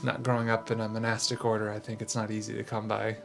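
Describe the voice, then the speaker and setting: A man's voice: lowish voice, monotone, fast talker, creaky. A man playing a tabletop game, talking casually and joking. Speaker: player.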